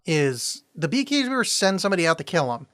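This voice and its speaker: Man, podcast co-host, casual movie chat, jokey, punning asides, high voice. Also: sing-song, a bit bright. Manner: jokey, quick with puns and asides.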